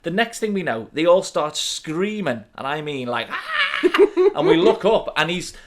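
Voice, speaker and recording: Podcast co-host, male, 30s, Liverpool accent, lively laughing storyteller, slightly high voice. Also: moderate pace. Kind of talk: casual storytelling chat.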